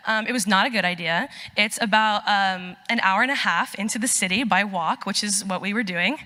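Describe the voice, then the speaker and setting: A young woman tells a personal story on stage, chatty and animated, slipping into the voices she quotes. Her tone is bright and clear. The sound carries the long reverb of a large auditorium. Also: mid-range voice, a little fast, hardly any pauses. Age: young adult. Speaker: student storyteller.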